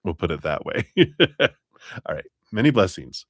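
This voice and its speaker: A man with a very low voice reads tarot cards for viewers on a live stream. He talks in a chatty, easygoing way, laughs often and drags out words for emphasis, and the sound is dry and close. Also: big pitch swings, measured pace, a bit bright, no room sound. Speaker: tarot reader.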